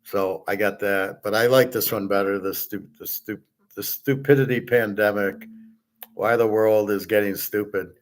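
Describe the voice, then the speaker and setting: A man's voice: on the low side, fairly even intonation, normal speed. A man hosting his own show, giving a blunt, rambling commentary monologue with frequent swearing and filler words. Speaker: host.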